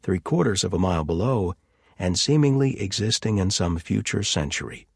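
A man reading a novel aloud in a measured, descriptive narration. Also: sits low, very animated, gravelly, husky, no echo, clean studio sound. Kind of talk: audiobook narration.

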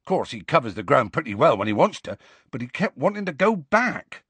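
A man voicing a huge, gentle half-giant who talks earnestly and desperately with rustic grammar, in an audiobook. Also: mid-range voice, very animated, a little fast, slightly rough, no room sound, pitched above the performer's own voice. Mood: anxious, explaining. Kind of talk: audiobook character voice.

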